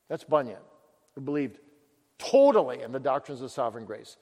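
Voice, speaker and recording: A male preacher giving a sermon with emphatic questions and dramatic pauses. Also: medium pitch, very animated, darkish tone. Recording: long echo of a large hall.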